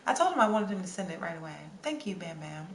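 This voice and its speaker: A woman's voice: on the low side, sing-song, quick pace, a bit bright. Chatty woman livestreaming in a roomy space. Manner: chatty, scattered, answers song requests with bits of singing. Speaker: livestream host. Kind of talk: casual livestream chat, reading viewer comments. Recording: roomy with faint ambient noise.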